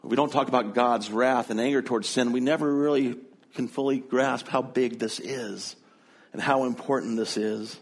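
A middle-aged male pastor delivers a sermon, weaving a personal story into his teaching. He speaks in an earnest, conversational way at an ordinary pitch for a man, like someone talking to a congregation he knows. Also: fairly even intonation, moderate pace.

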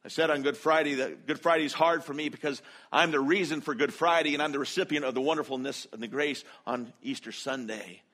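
Male pastor, earnest conversational sermon, slightly higher-pitched voice. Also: fairly quick, a bit bright. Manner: earnest, conversational preaching with dramatic quoted lines.

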